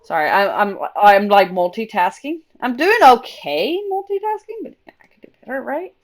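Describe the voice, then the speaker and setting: A young woman talks casually on a live game stream, her voice sitting a little higher than most. She tells stories in an excitable, chatty way, breaking off now and then to deal with the game. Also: normal speed. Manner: chatty, excitable storytelling while multitasking in a game. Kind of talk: casual gaming stream chat.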